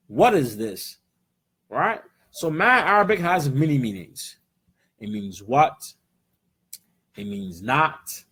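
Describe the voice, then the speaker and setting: A man's voice: medium pitch, big pitch swings, takes it slowly, pauses often, fairly bright tone, breathy edge. An American man teaching a live class, explaining patiently and checking in with "right?" again and again. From United States. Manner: explains patiently, switching between English and Arabic words. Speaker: Arabic teacher. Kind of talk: classroom lesson. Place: in-person class with students.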